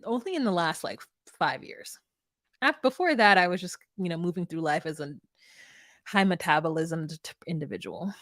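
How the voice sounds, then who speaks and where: A female podcast co-host chats casually while recapping a reality show, laughing often and rambling with many restarts. Her medium-pitched voice comes through clean studio sound with no room noise.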